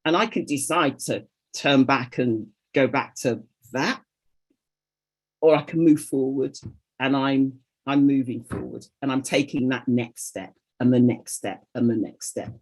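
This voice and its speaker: A woman's voice: a bass voice, measured pace, darkish tone, husky. A woman calling in to a group coaching call over video, candidly sharing a personal story and acting out her own inner voices.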